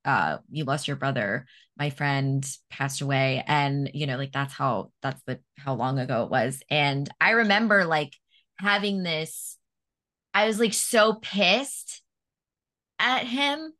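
A woman's voice: low-pitched, animated, takes it slowly, a bit bright. A woman hosting a podcast, talking candidly and emphatically in casual conversation and swearing freely. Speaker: podcast host.

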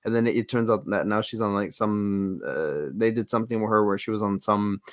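A man co-hosting a podcast in casual chat, animated and acting out quotes in voices. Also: lowish voice, a little fast. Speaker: podcast co-host.

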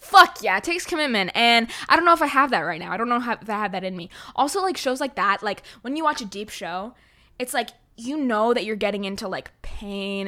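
A teenage girl talks through her solo podcast in a loose, rambling way, full of fillers and quick apologies for herself. Her voice has a bright, crisp edge. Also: mid-range voice. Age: teens. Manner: rambling, self-deprecating, heavy use of "like" and "um". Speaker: podcast host. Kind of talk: casual solo podcast chat.

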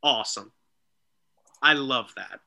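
A man co-hosting a casual wrestling talk show, excitable and animated, often mimicking people. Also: mid-range voice, slow, vocal fry. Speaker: podcast co-host.

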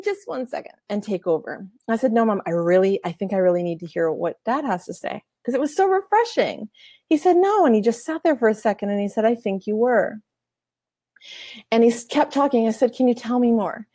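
A middle-aged woman telling a heartfelt personal story, earnest and animated, often laughing and acting out the voices of others. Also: on the high side, fairly quick, dry recording, clean studio sound. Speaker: author and coach.

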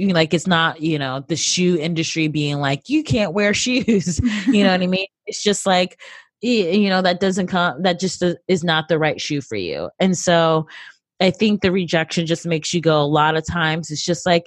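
A woman's voice: on the low side, no echo, clean studio sound. A woman comedian talking casually in a podcast interview, rambling with lots of fillers and acting out little quotes. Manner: rambling, filler-heavy, animated quoting. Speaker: comedian guest.

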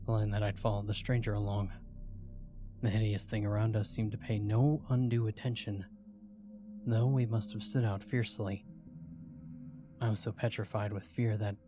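A man with a fairly low voice narrates a first-person horror tale. His delivery is tense and dramatic. Faint music plays beneath his narration.

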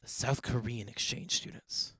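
A man's voice: medium pitch, fairly even intonation, pushed and bright, breathy edge, no echo. A man joking and bantering in a casual podcast chat. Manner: joking, quick banter with laughs.

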